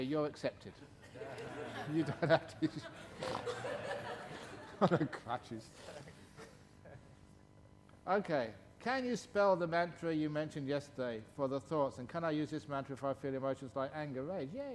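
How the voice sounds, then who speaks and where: Playful monk giving a dharma talk. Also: male voice, on the high side, a little hiss or hum. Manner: playful, chuckling, drawls words slowly for emphasis. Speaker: Buddhist monk teaching a retreat. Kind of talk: dharma talk with questions and answers.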